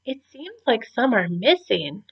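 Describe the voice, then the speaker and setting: Storybook mother porcupine, read by a woman: tender and soft, lively pitch. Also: measured pace, gravelly, husky, lo-fi sound, exaggerated voice. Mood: gentle. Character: gentle mother porcupine, caring and soft-spoken.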